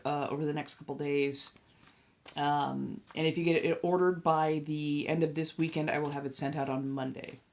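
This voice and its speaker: A woman in her thirties hosting a casual livestream, ranting with lots of swearing and laughter. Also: sits low. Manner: profane, animated ranting with frequent laughter. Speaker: livestream host and tarot reader.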